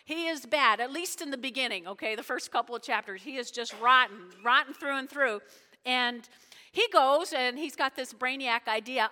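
A woman's voice: high voice, moderate pace, sharp tone, long reverb tail. A woman preaching a sermon in a conversational, emphatic way, often checking in with the congregation.

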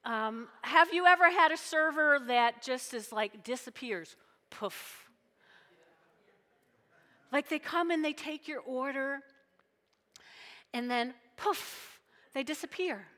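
A woman's voice: high voice, animated, a little slow, pushed and bright. A woman preaching a sermon in a chatty, joking way, acting out little everyday scenes. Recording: long reverb of a large hall.

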